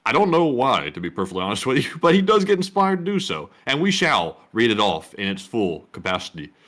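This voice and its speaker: A man with a lively, swooping voice co-hosts a livestream. He reads viewer messages aloud in a casual, joking manner. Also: medium pitch, brisk. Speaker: livestream co-host reading super chats.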